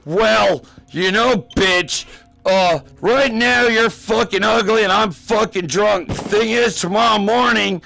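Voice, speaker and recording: A man's voice: sits high, slow, creaky, pushed and bright, faint music behind, exaggerated voice, poor audio. A man voicing a drunk, foul-mouthed statesman on a bar stool who trades crude insults. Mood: drunk insulting.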